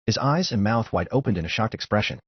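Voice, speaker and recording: Male story narrator, steady audiobook reading, husky tone, dry dull recording. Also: on the low side, fast, no room sound. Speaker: fanfiction narrator.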